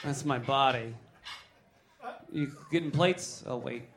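A man's voice: mid-range voice, slow. A man doing stand-up comedy, rambling, joking and talking with the crowd.

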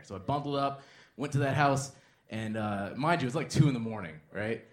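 A man doing a stand-up set, swinging from muttered asides to loud bursts. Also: mid-range voice, a little fast, roomy sound. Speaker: stand-up comedian.

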